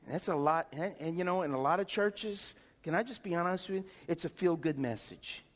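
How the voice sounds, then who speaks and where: In a church sanctuary, a folksy middle-aged pastor preaches and calls out to the congregation with rhetorical questions. He speaks a little high and fairly quickly, and his words trail off in a long reverb tail.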